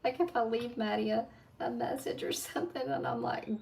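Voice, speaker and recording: Gravelly Appalachian woman chatting at a distance. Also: fairly high pitch, flat delivery, moderate pace, darkish tone, a little hiss or hum. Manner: chatty, laughing asides, talks to viewers while doing nails. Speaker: nail art livestream host. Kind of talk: casual chat while working. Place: home desk.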